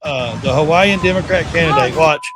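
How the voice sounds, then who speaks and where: A middle-aged man hosting a casual livestream, reacting to videos with loud, blunt, slangy commentary. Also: on the high side, moderate pace, music in the background. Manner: loud, blunt, slangy, mocks and quotes the clips.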